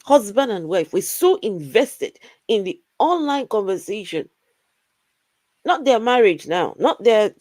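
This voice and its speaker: A woman's voice: medium pitch, sing-song, a little slow, darkish tone, no room sound. A woman hosting a casual live stream, blunt and exasperated as she comments to her co-host.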